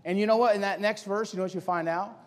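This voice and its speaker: A man with a high, ringing voice preaches a sermon, swinging between loud emphasis and quiet asides. His voice carries a long reverb, like a large church hall. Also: steady tone, fast talker.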